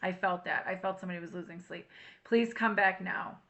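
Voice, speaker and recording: A woman's voice: on the low side, a little fast, a bit bright. A woman doing a casual tarot reading to camera, chatty and emotional, reading song lyrics aloud. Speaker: tarot reader.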